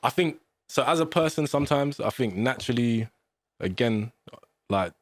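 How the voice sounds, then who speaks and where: A man's voice: medium pitch, expressive, moderate pace, no room sound. A man with a London accent, a rapper guest in a radio interview, talking in a laid-back, slangy way and thinking aloud with fillers. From Greenwich, London. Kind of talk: casual interview. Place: radio studio.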